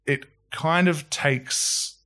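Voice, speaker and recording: A man from New Zealand, co-hosting a casual film chat and giving opinions with quick asides. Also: fairly high pitch, steady tone, pushed and bright. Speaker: podcast co-host.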